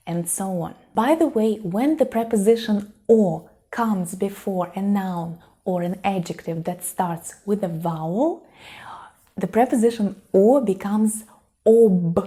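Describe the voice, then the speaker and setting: Russian-native woman tutor, mellow tone, very slow and deliberate, explains with clear examples. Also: mid-range voice. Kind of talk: online language lesson.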